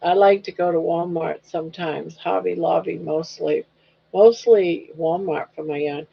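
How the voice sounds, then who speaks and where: A woman's voice: lowish voice, fairly even intonation, unhurried, vocal fry, breathy edge. An older woman hosting a casual livestream chat, rambling along, reading viewers' comments aloud and cooing at her dog. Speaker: livestream host. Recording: dull lo-fi livestream audio.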